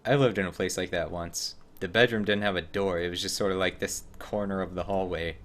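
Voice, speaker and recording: A man with a fairly low voice gives relaxed, wry commentary while playing a game. He talks to himself and to the characters on screen in an offhand, chatty way. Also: a little fast. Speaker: streamer. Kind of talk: casual gameplay commentary.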